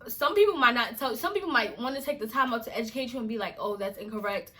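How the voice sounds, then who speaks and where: A woman's voice: on the high side, animated, rapid-fire, pushed and bright. A young woman from Africa, a vlogger talking straight to camera in an exasperated, emphatic rant that sometimes drops to a whisper. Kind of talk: casual vlog rant to camera.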